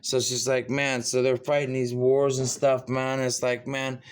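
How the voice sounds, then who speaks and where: A man rambles through a loose spoken monologue in a smooth, resonant voice. He keeps tacking "man" onto his phrases and lets out puffs of breath and sighs as he goes. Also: mid-range voice, flat delivery, a little slow.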